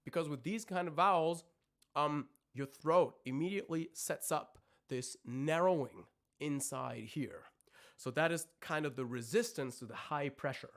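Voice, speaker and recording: A man's voice: on the high side, measured pace. Man coaching singing, with belted demos. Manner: explains technically, breaks into sung notes and screams as demos. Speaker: vocal coach. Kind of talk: live-stream vocal lesson.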